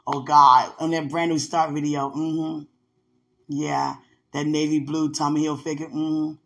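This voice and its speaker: A woman chatting on a faith podcast call. She swings between hushed murmurs and loud, laughing outbursts, and keeps telling herself to calm down. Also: low-pitched, unhurried. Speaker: podcast co-host. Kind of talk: casual faith chat on a call.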